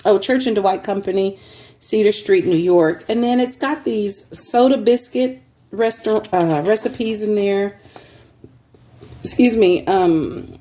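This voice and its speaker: Slow, mellow-voiced woman showing craft fabrics. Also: mid-range voice. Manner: meandering, with many ums and throat clearing. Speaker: craft seller. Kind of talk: casual show-and-tell selling craft supplies. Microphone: phone.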